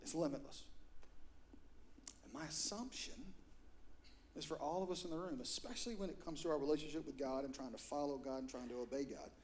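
A middle-aged man preaching a storytelling sermon in a church, animated and acting out quotes with sudden loud high bursts. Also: a little fast, pauses often, a little hiss or hum. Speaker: pastor.

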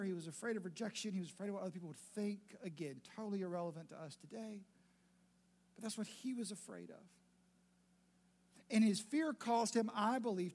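High-voiced, emphatic man preaching. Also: darkish tone. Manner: conversational, emphatic, repeats phrases for stress. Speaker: pastor. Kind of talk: sermon.

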